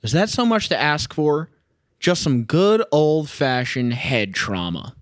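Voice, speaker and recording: A young sports podcaster vents on his own while a game plays at home, swearing, sarcastic and fed up. His slightly high voice is expressive and unhurried. The sound is dry and of studio quality.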